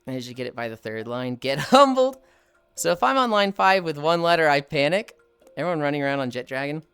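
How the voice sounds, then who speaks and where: Animated, swearing woman streamer. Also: low-pitched, a little fast, clean tone, dry recording, soft background music. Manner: animated, swears often, laughs a lot. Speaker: live streamer. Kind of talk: casual chat while gaming.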